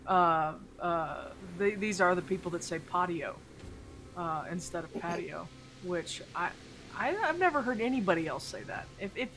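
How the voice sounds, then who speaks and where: A woman's voice: lowish voice, animated, moderate pace. A woman player in casual live-stream chat, playful and teasing, laughing often. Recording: noisy background.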